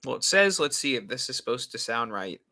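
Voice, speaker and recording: A man's voice: mid-range voice, sing-song, fairly quick, loud music behind the voice. A man hosting a casual live stream, rambling and answering viewer comments. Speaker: horror channel host.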